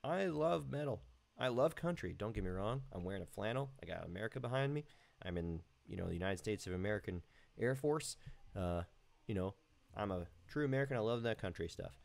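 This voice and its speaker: Low-voiced man rambling on a live stream. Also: brisk, vocal fry, hardly any pauses. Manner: relaxed, rambling, with many fillers. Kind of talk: casual live-stream chat.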